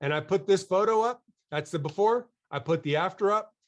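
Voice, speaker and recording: A man presenting a webinar on marketing to a live audience, energetic and enthusiastic, joking with the crowd and asking people to raise their hands. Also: sits high, fairly quick.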